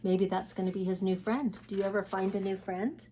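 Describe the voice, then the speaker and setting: A woman's voice: medium pitch, steady tone, brisk, mellow. A woman teaching preschoolers and reading them a picture book aloud, in a coaxing, sing-song way that keeps asking the child questions. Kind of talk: read-aloud for young children.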